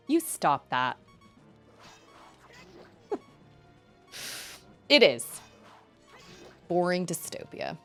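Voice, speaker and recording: A woman's voice: lowish voice, big pitch swings, extremely slow, pauses often, faint music behind. Chatty young woman streaming a game. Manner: chatty and rambling, reacting to the game and chat aloud. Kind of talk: live-streamed gameplay chat. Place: at home.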